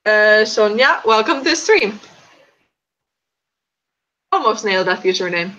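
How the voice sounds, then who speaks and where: Bright-voiced woman co-host. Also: mid-range voice, animated, unhurried. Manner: chatty, stumbles over usernames. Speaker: stream co-host. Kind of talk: casual livestream chat. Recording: dull lo-fi stream audio.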